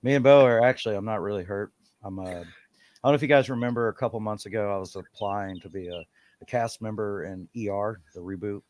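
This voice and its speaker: A man's voice: lowish voice, quick pace, a little mellow, no room sound. A man co-hosting a casual talk show, rambling and swearing freely as he tells stories. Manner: crude, rambling, swears often. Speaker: podcast co-host. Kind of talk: casual chat.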